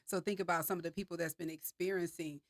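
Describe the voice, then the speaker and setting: Female host, lowish voice, animated storyteller in casual chat, dry recording. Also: quick pace, no room sound. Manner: animated, storytelling with fillers and laughter. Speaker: discussion host. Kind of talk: casual group discussion.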